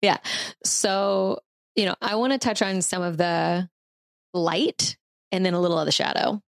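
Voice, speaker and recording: A woman's voice: lowish voice, steady tone, measured pace, no room sound, clean studio sound. A woman in her thirties co-hosting a podcast, talking in an earnest, reflective way with many fillers. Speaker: podcast co-host. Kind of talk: casual podcast conversation.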